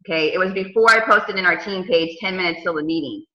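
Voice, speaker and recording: A woman in her thirties coaching her team on a casual video call, telling stories with lively, dramatic asides. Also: fairly low pitch, quick pace, echoey room, dull audio. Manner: animated storytelling with dramatic quoted asides.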